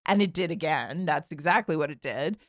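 Fortyish woman spinning a funny story, kinda low voice, super dry close mic, acts out all the parts. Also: brisk, no echo. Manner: animated, lots of "like", acts out voices. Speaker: podcast guest telling a story. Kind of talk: casual comedic storytelling.

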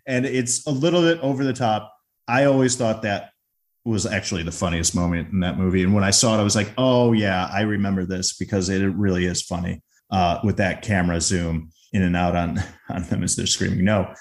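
A man's voice: sits low, steady tone, fairly quick. A man co-hosting a podcast, casually retelling a movie scene and briefly acting out the characters' lines. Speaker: podcast co-host.

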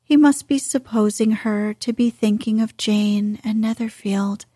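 A woman reads a classic novel aloud, calm and even. She takes a slow pace, and her voice is soft and a little breathy. The recording is dry and close. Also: medium pitch, no room sound. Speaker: audiobook narrator. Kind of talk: scripted narration of a classic novel.

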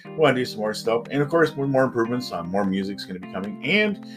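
A man co-hosting a gaming podcast in relaxed casual chat, agreeable and easygoing. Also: mid-range voice, fast, soft background music. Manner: relaxed, agreeable, many fillers. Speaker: podcast co-host.

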